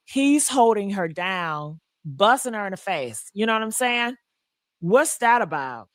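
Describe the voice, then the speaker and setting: A woman's voice: mid-range voice, big pitch swings, a little slow, no room sound, clean studio sound. A woman hosting a casual gossip livestream, talking emphatically and repeating points for emphasis. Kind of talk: casual commentary.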